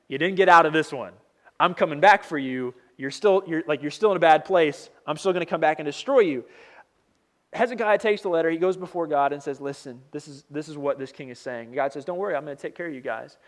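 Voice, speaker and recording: A young adult man preaching a casual sermon as pastor, retelling scripture in a conversational storytelling way. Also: a little high. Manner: conversational storytelling with fillers and paraphrased dialogue.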